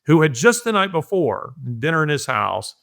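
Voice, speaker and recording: A middle-aged guest commentator speaks earnestly on a casual podcast, telling stories and stressing his points. His voice is a little high and sing-song, a bit bright, with vocal fry at a moderate pace, and he acts out the quotes he relates.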